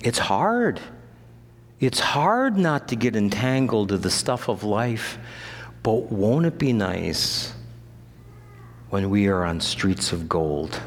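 Pastor guy giving a sermon, slow and deliberate, big reverby room, goes high and intense then low and personal. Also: creaky, slight background noise. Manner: impassioned, rising high on key phrases then dropping to a low confiding tone.

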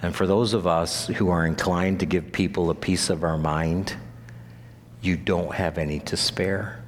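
Pastor guy giving a sermon, slow and deliberate, big reverby room, goes high and intense then low and personal. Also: steady tone, a little hiss or hum. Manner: impassioned, rising high on key phrases then dropping to a low confiding tone.

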